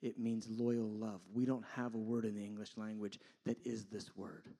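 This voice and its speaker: A man pastor preaching a sermon, moving from loud, impassioned appeals to quiet, intimate asides. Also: lowish voice, flat delivery, normal speed.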